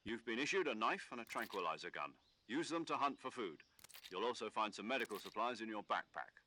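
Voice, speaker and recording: An actor playing a commanding older British military officer who briefs his operative over the radio in a video game, in a crisp, instructive manner. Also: lowish voice, lively intonation, a little fast, sharp tone, slight background noise. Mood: instructing. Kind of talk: video game cutscene dialogue.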